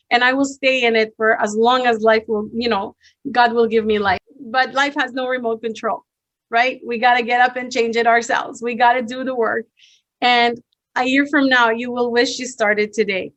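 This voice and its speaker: Energetic woman speaking coach, high voice, dry close mic, fast persuasive webinar pitch. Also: no echo. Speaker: speaking coach presenting to an online audience. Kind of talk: motivational webinar talk.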